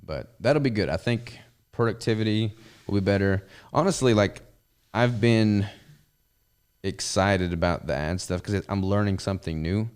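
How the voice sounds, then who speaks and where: Chatting loosely about the business he owns, a Southern US man hosts a podcast in a relaxed, meandering style. His pitch is fairly low and his pace moderate, and his voice comes across a little mellow, clear and resonant.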